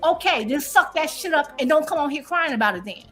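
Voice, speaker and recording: Brief: high-pitched woman panelist, defiant and confrontational, heated back-and-forth. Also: expressive, brisk, fairly bright tone. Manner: confrontational, defiant, repeats herself. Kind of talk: heated live-stream panel argument.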